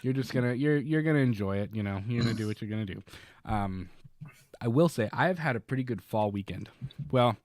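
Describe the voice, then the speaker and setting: Casual podcast co-host, a man of middle pitch, rambles with fillers and restarts, dry close mic. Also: lively intonation, brisk, a little mellow, no room sound. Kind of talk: casual chat.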